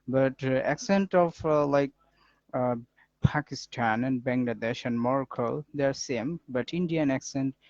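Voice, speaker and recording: A man chatting casually in conversation practice, halting and searching for words. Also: medium pitch, a little mellow, dry recording, lo-fi sound. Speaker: conversation partner asking questions.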